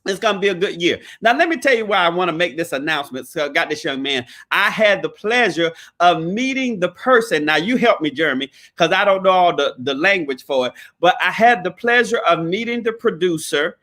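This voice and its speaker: A man hosts a credit repair talk show in an exuberant, folksy voice that slides into preacher-style call and response. His voice sits strikingly high, with a bright, forceful edge. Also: animated, fairly quick, hardly any pauses.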